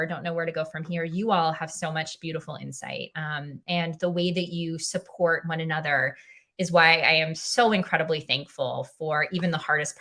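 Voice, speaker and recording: A young woman fills in as host of a casual livestream, tired, emotional and heartfelt, reading viewer comments aloud and saying "um" often. Her voice is low, bright and forceful.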